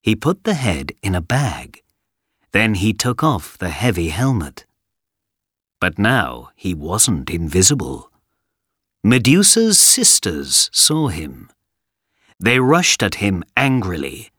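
A man narrates a scripted story for a language coursebook in a clear, deliberate way. His voice is low and his intonation lively, at a slow, careful pace. The recording is close and dry. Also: no echo.

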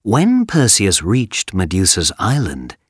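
A man narrates a scripted story for a language coursebook in a clear, deliberate way. His voice is low and his intonation lively, at a slow, careful pace. The recording is close and dry. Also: dry recording.

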